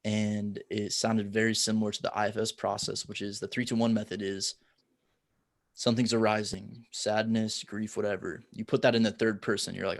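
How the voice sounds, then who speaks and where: Laid-back male host, flat low voice. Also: moderate pace, vocal fry, no echo. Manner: relaxed, loose, many fillers like "like". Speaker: podcast host. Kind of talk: casual conversation.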